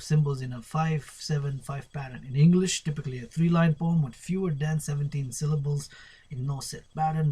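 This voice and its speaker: A man with a fairly high, warm, husky voice reads a poetry glossary aloud, spelling out terms and improvising experimental poems. He's playful and sometimes drifts into murmurs, giving a solo spoken-word poetry lesson.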